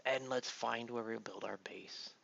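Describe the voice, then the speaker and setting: With a mid-range voice that stays steady, a bit slow and marked by vocal fry, an adult father hosts a casual gameplay video. His laid-back, rambling talk is loaded with fillers and feels like a tired dad at his home computer. The recording comes from a dull lo-fi mic with faint noise.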